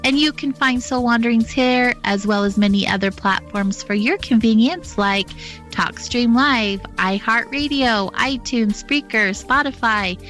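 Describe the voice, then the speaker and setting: A woman's voice: fairly high pitch, a little slow, a bit bright, soft background music. A woman hosting an internet radio talk show, chatty and welcoming as she introduces her guest.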